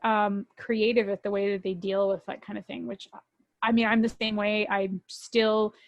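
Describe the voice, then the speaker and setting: A woman as a podcast guest in casual chat, telling stories in an animated, laughing way and swearing freely. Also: medium pitch, normal speed, dry recording, muffled recording.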